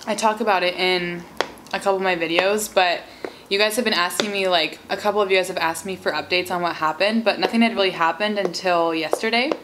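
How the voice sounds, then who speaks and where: A woman's voice: fairly low pitch, steady tone, a little fast, background noise. A young woman from Seattle in her twenties, chatting casually and bubbly on her channel while eating cake, with lots of "like" and "um". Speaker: mukbang vlogger.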